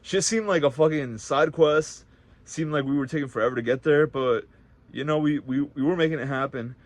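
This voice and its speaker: A young man telling a story in a casual vlog, swearing a lot and swinging between loud outbursts and quiet, reflective talk. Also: a little high, moderate pace. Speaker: vlogger.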